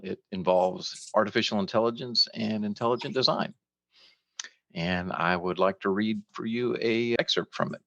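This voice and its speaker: Older male author, steady measured reading, very low creaky voice. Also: dry recording, lo-fi sound. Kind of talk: reading from his novel.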